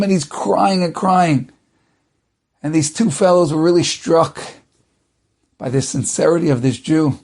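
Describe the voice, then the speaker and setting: Gravelly high-voiced male storyteller. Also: measured pace, pauses often, a little mellow. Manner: dramatic, varied storytelling. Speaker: rabbi. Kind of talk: storytelling talk.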